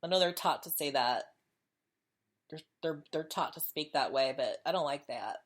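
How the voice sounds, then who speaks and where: A woman's voice: low-pitched, expressive, normal speed. A woman hosting her own podcast, talking candidly and chattily in a casual solo monologue, often repeating herself as she goes. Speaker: podcast host.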